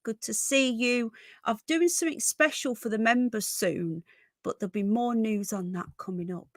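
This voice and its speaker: A woman's voice: a little high, moderate pace, no room sound. A woman hosting a casual livestream from home, chatting and greeting viewers with endearments like darling and sweetheart. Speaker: livestream host.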